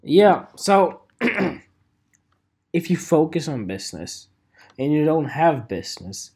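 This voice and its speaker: A man's voice: a little high, sing-song, slow, vocal fry, long pauses, a little mellow, slightly rough. A man in his twenties hosting a solo podcast, rambling in a joking, self-mocking way with fillers and swearing. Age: 20s. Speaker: podcast host.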